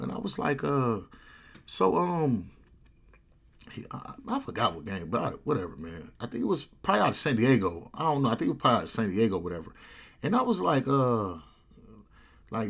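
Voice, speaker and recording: A man with a gravelly, husky voice tells a long street story in a loose, casual way. He jumps up into high, loud voices whenever he quotes someone, then drops back to a low, easy mumble. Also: fast. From California. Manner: animated, acts out quoted voices with big jumps in pitch.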